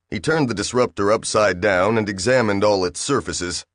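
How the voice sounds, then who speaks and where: A man narrating an audiobook in a measured storytelling manner. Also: fairly low pitch, fairly bright tone, no room sound, studio quality. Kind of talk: scripted narration.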